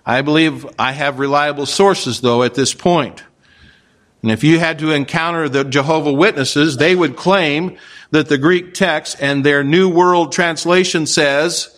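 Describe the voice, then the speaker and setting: Measured, slightly high-voiced male preacher. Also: fairly bright tone. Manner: measured, emphatic, with occasional dry asides. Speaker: pastor. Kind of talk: expository sermon.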